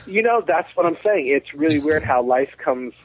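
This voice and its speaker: A man in his thirties, a documentary producer, chatting as a podcast guest and telling animated, rambling stories with many restarts. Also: a little high, normal speed, husky. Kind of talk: casual interview chat. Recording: muffled lo-fi podcast audio.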